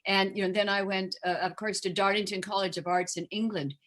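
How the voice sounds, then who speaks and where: A woman's voice: mid-range voice, fairly even intonation, fairly quick, fairly bright tone. An older woman from the United States, a guest singer and actress chatting casually in an interview, full of "you know" fillers.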